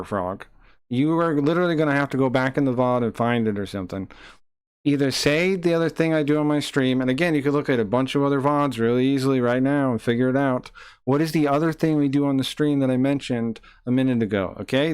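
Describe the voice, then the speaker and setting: A man's voice: mid-range voice, clean tone, no room sound, clean studio sound. A man live-streaming who reads chat messages aloud and taunts a viewer in a combative way.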